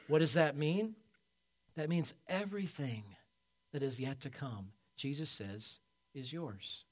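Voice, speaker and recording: A man preaching a sermon as pastor, emphatic, swinging from loud peaks to quiet low passages and calling for amens. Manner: asks the congregation for amens.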